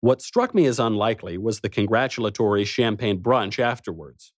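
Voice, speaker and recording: A man's voice: on the low side, expressive, a little fast, dry recording, studio quality. A man narrating a first-person story in a wry, snarky manner. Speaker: audiobook narrator.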